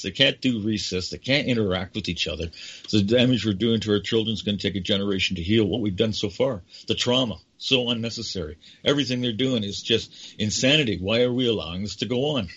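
Older male talk host, husky and low-pitched, rambling and fired up, dull lo-fi audio. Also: a bit bright. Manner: rambling, impassioned, addresses guest by name. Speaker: radio show host. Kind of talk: talk show conversation.

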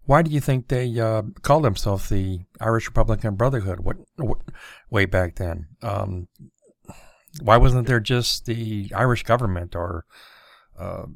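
A male radio host asking a question in a hesitant, halting way. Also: fairly low pitch, creaky, no echo, studio quality.

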